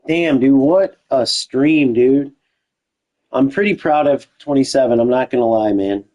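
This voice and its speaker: A young man commentates his own football video game stream, loose and talkative. His voice sits at an ordinary middle pitch, and he keeps chatting to his viewers with slang and restarts. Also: measured pace, warm tone, rough recording. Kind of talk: casual gameplay commentary to live chat.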